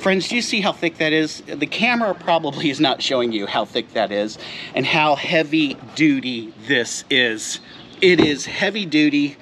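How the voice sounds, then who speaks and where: A middle-aged man with a high, bright, ringing voice runs a playful product vlog, hyping the gear and talking right to the viewers. He is outdoors beside a car, picked up by the camera mic. A faint hiss sits under his voice. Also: lively intonation, fairly quick. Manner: playful hype, talks straight to viewers. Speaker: vlogger reviewing gear. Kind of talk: jokey product unboxing vlog.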